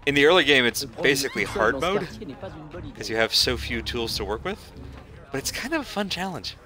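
A man's voice: medium pitch, sing-song, moderate pace. A man streaming a video game, chatting casually and joking at the characters as he plays. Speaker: gaming streamer. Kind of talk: casual let's-play commentary.

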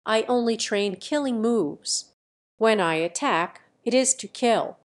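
A woman voices a brash, easygoing young male martial hero who speaks in a calm, lecturing, self-assured manner. Her voice is a little high, and she takes it slowly.

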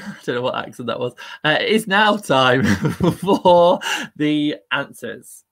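A man's voice: on the high side, expressive, slow pace, a bit bright. A man hosting a live-streamed quiz, upbeat and chatty and laughing at himself. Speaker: quiz host.

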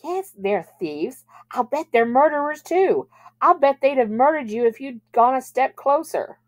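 A woman's voice: sits high, lively intonation, measured pace, pitched above the performer's own voice. A woman voicing an earnest teenage boy. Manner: earnest, matter-of-fact. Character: level-headed teenage boy narrator.

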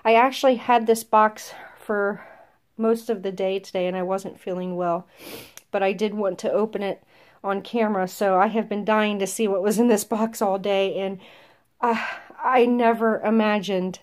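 A woman chatting casually to her viewers as she opens a gift box, soft-spoken and gushing, often stammering with excitement. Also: medium pitch, moderate pace. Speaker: vlogger opening a gift box. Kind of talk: casual unboxing chat to camera.

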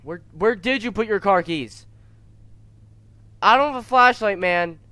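Teen male streamer, bright clear tone, nervous horror-game commentary. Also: high voice, measured pace, no echo. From United States. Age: teens. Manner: jittery, frightened, talking to himself. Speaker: gamer streamer.

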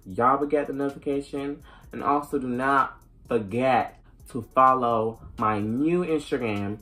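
A young adult woman vlogging a casual storytime, animated and profane, acting out the dialogue. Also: very deep voice, unhurried, noisy background.

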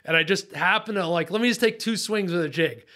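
A middle-aged man with a slightly high voice tells a fishing story as a podcast guest. He talks like a boat captain, swears freely and acts out his own lines from the day. The telling is tense and excited, broken up by laughs. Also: a little fast. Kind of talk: animated storytelling in casual chat.

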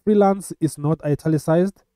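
Dark-voiced man teaching code, halting. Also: a little high, clean tone, dry recording. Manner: halting, many filler sounds. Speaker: coding instructor. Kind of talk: screen-recorded coding tutorial.

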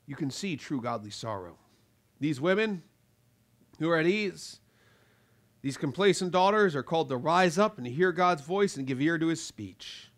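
A man pastor preaching an emphatic sermon, swinging between loud rebukes and quiet asides, acting out the voices of his listeners. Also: on the high side, lively intonation, moderate pace. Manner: acts out quoted voices of listeners.

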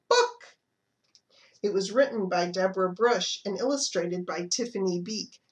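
A woman librarian reading picture books aloud to toddlers, in an expressive, animated storytelling manner. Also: on the low side. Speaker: children's librarian.

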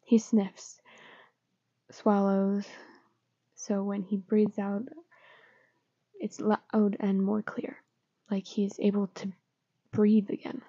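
A woman narrating a story in a soft, partly whispered, calm way. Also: medium pitch, slow, long pauses, breathy edge, no echo, dull audio. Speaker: story reader.

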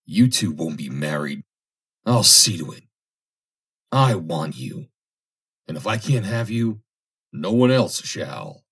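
A man's voice: lowish voice, big pitch swings, moderate pace, long pauses, darkish tone, husky. A man reading aloud, voicing a jealous young man who pleads and then threatens. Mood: bitter. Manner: pleading and bitter. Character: jealous, possessive young man, obsessive suitor.

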